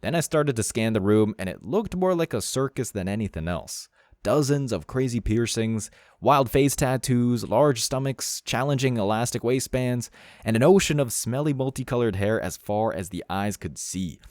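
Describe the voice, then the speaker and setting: A man's voice: mid-range voice, animated, normal speed, a little mellow, dry recording, clean studio sound. A man hosting a commentary channel, reading scripted narration in a blunt, mocking way.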